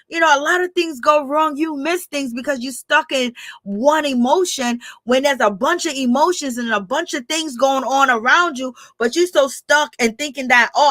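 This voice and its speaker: A woman recaps reality TV drama in a chatty, blunt way, speaking straight to her viewers. Her voice sits a bit high and bright. It sounds close and dry, with no room around it. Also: no room sound. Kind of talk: casual reaction commentary.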